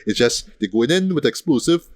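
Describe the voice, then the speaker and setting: A man's voice: mid-range voice, lively intonation, brisk, darkish tone, no echo, studio quality. A man co-hosting a casual film review podcast, rambling and tagging sentences with "right?". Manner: rambling, repeats "right?" often. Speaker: podcast co-host.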